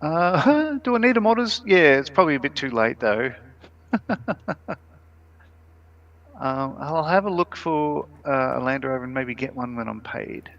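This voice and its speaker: Gravelly male co-host, casual and laughing, reads chat aloud; muffled lo-fi stream audio. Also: medium pitch, expressive, unhurried, pauses often, fairly bright tone. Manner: chatty, laughs often, reads comments aloud.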